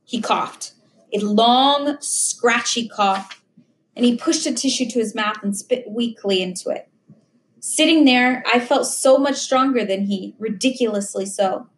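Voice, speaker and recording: A woman narrating an audiobook in a steady, measured reading voice. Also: fairly high pitch, a little hiss or hum. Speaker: audiobook reader. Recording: roomy echo.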